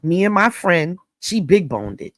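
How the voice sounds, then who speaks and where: A middle-aged woman from New York State, hosting an astrology channel and telling a story in a casual, animated, profane and slangy way. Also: lowish voice, a little slow, no room sound.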